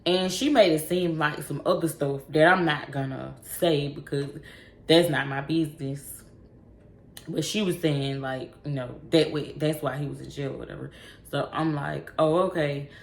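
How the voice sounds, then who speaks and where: A woman telling a story straight to camera in a blunt, profane, animated way. Her voice sits low and has a gravelly fry. The room is echoey and has a faint hiss of noise. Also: normal speed. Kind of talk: casual storytime.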